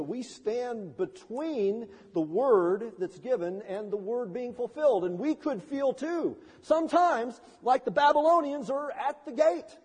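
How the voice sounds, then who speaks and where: A man preaching a sermon in a church, his voice pitched high with a husky edge. He swings between hushed and loud passages and acts out the voices of people he quotes. The sound carries a long reverb from the hall. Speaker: pastor.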